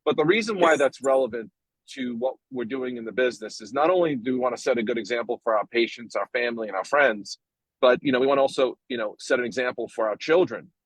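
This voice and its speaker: A man's voice: medium pitch, fast talker, breathy edge, dry recording, rough recording. Earnest man, personal story on a call, dry and close. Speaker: guest. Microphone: phone call from a parked car.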